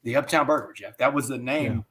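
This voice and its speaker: A man giving an interview. He tells a personal story in an animated way and often says "man.". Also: medium pitch, a little fast, crowd noise. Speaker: interview guest.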